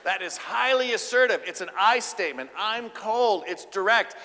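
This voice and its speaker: Bright-voiced man giving a comic keynote. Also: high-pitched, moderate pace. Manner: animated, acts out voices, audience banter. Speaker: keynote speaker and relationship counselor. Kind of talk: humorous keynote speech. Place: conference stage before a live audience. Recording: echoey conference hall.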